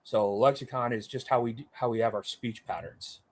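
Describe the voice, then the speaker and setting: Amid very noisy audio, a middle-aged veteran talks a little fast in a medium pitch with fairly even intonation. His everyday voice rambles through casual interview stories, heavy on fillers, as he voices the people he quotes.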